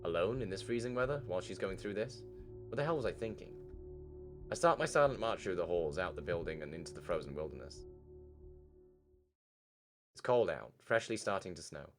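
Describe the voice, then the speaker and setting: A man's voice: deep voice, animated, brisk, pauses often, soft background music. A man streaming a game, reading a visual novel aloud and breaking off to react, swearing casually.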